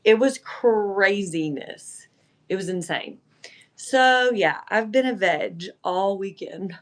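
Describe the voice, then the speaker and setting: A woman with a drawl chats through a live online sale at an unhurried, drawn-out pace. She tells rambling, animated stories and leans on "like" and "um" between her sentences. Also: medium pitch. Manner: chatty, animated storytelling with filler words. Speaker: live-selling host. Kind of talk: casual livestream chat.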